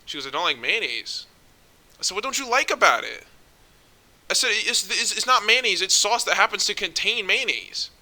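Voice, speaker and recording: Young guy ranting on a vlog, super bright edgy voice, kinda high, swears constantly. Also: lively intonation, a little fast. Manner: profane, exasperated, rising to near-yelling when worked up. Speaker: vlogger. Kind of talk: casual ranting monologue.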